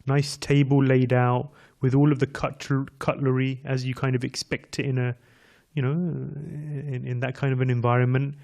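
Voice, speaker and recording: A man's voice: mid-range voice, a little mellow. English man giving a chatty sermon. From England. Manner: chatty, addresses the audience directly with questions. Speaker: visiting speaker at a temple class. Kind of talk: conversational sermon.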